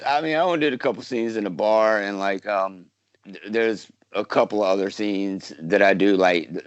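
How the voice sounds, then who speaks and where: A man's voice: on the low side, no echo. A man from South Carolina, an actor guest chatting casually in an interview, rambling with lots of fillers and restarts. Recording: dull lo-fi dry sound.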